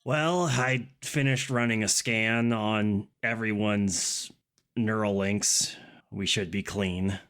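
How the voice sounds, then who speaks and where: A man's voice: on the low side, fairly even intonation, slow, fairly bright tone, clean tone. A man voicing a wary, matter-of-fact male crew member in a tabletop game.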